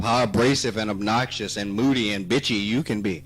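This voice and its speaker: A man with a Southern US accent giving a spiritual talk, slow and emphatic, teasing his listeners and rising into animated outbursts. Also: lowish voice, slight background noise. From Mississippi. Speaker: spiritual teacher. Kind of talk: spoken dharma talk. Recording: archive talk recording with faint music.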